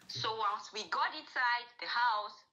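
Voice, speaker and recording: A woman's voice: on the high side, unhurried, sharp tone, highs cut off. A woman with a Cameroonian English accent recounting a personal story as an interview guest, full of "um" and "I'm like". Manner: storytelling with frequent "um" and "I'm like" reported dialogue. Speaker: guest giving testimony.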